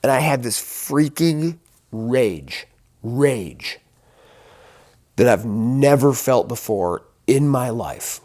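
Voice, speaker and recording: A man recounting a personal ordeal in a slow, deliberate delivery, his pitch swinging widely as the intensity builds. He is blunt and profane, often restarting and repeating phrases for emphasis. It sounds like raw, unscripted testimony rather than a polished talk. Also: animated, darkish tone. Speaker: recovery advocate telling his story.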